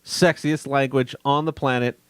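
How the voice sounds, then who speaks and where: A man's voice: medium pitch, fairly even intonation, normal speed, smooth, dry recording. A man co-hosting a casual podcast chat, ranting and joking with emphatic bursts. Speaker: podcast co-host.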